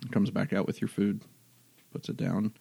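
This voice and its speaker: A man narrating a tabletop game as game master, in an unhurried, halting way with many fillers. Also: on the low side, little pitch movement, creaky, dark tone, breathy edge, dry recording.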